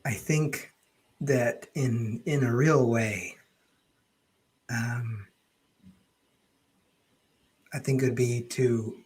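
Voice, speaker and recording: A man answering as an interview guest, thoughtful and pausing with "um" between ideas. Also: medium pitch, fairly even intonation, darkish tone, slightly rough.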